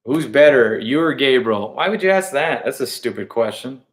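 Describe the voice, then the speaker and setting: An American stand-up comedian chats backstage in a casual interview, his mid-range voice expressive at a normal speed in a reverberant space. He talks in a profane, rambling way, restarting often.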